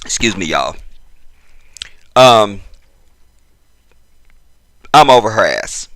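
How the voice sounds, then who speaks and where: Brash, animated man ranting. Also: lowish voice, extremely slow, no room sound. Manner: blunt, profane and sarcastic; talks straight to the viewer with pointed questions. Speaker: vlogger. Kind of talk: ranting celebrity gossip commentary.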